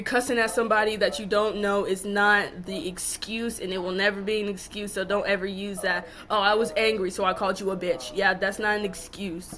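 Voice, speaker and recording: A woman's voice: medium pitch, fairly bright tone. A young woman, talking to camera in a casual rant, mocking and then lecturing firmly. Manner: laughs hard and mocks, then lectures firmly. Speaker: vlogger.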